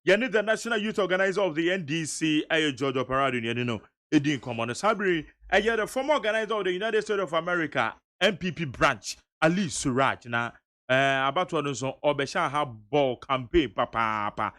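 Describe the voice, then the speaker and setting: A man with a Ghanaian accent hosting a radio talk show, lively and mixing Twi with English. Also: fairly high pitch, a little fast. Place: radio studio.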